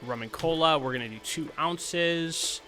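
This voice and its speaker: A man's voice: a little high, unhurried, soft background music. A man giving casual, rambling gameplay commentary, full of fillers. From United States. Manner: rambling, relaxed, lots of fillers. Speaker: gaming channel host.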